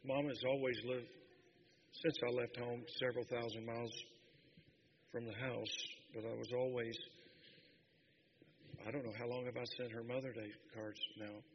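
A middle-aged man, preaching a sermon as a pastor and telling a personal story in a halting, heartfelt way, speaking straight to his congregation. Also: mid-range voice, flat delivery, background noise. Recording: reverberant hall, dull lo-fi sound.

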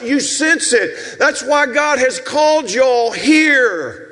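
High-voiced Southern pastor in his sixties. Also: lively intonation, slow pace, in a large hall. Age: 60s. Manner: preaching with shouted, rhythmic repetitions and asides to the congregation. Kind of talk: sermon. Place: church sanctuary.

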